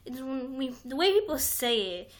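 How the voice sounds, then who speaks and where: A woman's voice: sits high, animated, moderate pace. A young adult woman hosting a livestream, chatting casually in a rambling way, full of "like" and restarts, with some swearing. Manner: rambling, heavy use of "like", frequent restarts, swears. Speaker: livestream host.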